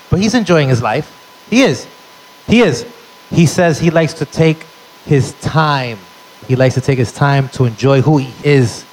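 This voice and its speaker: Brash male stand-up comedian, somewhat high. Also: poor audio. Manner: brash, punchy storytelling with crowd call-outs. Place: on stage at a live venue.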